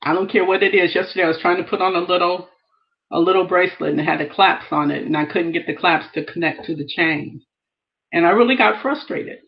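A woman's voice: on the low side, a little fast, highs cut off. A woman giving earnest devotional teaching, reading scripture aloud and repeating key phrases. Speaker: Bible teacher.

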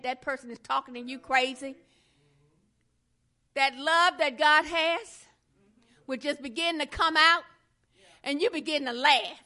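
A woman's voice: high voice, bright, forceful tone. A woman preaching a sermon with impassioned, repetitive emphasis that builds and rises.

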